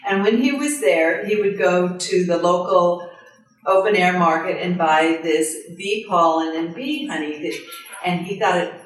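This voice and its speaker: A woman's voice: lowish voice, measured pace. A woman and former caretaker telling anecdotes to a small group, acting out the voices of the people in her stories. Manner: lively storyteller who acts out other people's lines with laughs. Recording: very echoey room, mic far off.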